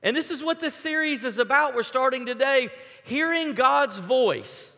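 Bright-voiced man preaching in a reverberant hall. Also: extremely high pitch, animated, normal speed. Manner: conversational, storytelling with acted-out quotes. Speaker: pastor. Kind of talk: sermon.

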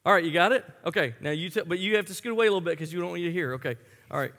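A man leading a group game for an audience, talking in a playful, chatty way with halting restarts and frequent laughs. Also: high-pitched, fairly bright tone. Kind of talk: live talk to an audience. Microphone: handheld microphone. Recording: echoey hall with long reverb.

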